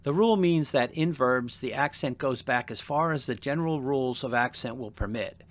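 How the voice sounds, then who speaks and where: A man teaching a seminary language lesson in a measured, deliberate, scripted narration. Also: mid-range voice. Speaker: seminary instructor.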